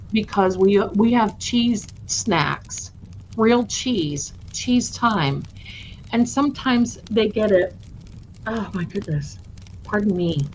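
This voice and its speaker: Chatty woman livestream host, slow talker. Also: medium pitch, a little hiss or hum, rough recording. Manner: chatty, affectionate, calls viewers my darlings. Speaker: host of a tarot channel livestream. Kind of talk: casual livestream chat.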